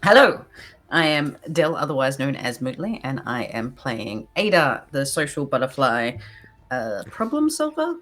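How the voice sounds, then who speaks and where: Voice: mid-range voice, big pitch swings, a little slow, a bit bright. Australian player, upbeat, voice that swoops up and down, faint music behind. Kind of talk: casual tabletop banter.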